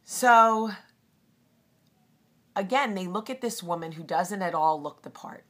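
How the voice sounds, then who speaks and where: Low-voiced chatty New woman. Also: normal speed, fairly bright tone, husky. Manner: chatty, frequent ums. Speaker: host. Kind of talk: casual storytelling vlog.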